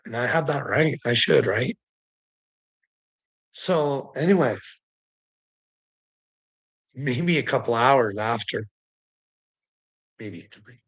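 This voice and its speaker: A man's voice: mid-range voice, takes it slowly, pauses often, fairly bright tone, breathy edge, low-quality recording. A man streamer giving a rambling, profane, exasperated rant to his viewers in a casual livestream.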